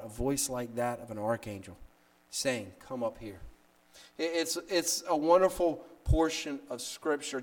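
A man pastor preaching a sermon in an earnest way, often repeating words and slowing down on key phrases. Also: mid-range voice.

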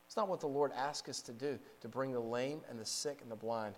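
A man preaching a sermon. He asks the congregation rhetorical questions and moves between hushed low points and rising, emphatic peaks. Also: fairly quick.

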